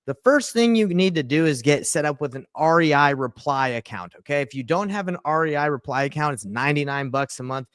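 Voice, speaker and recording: A man hosting a casual tutorial vlog on real estate, upbeat and chatty, talking fast and hyping up his viewers. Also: a little high, no room sound.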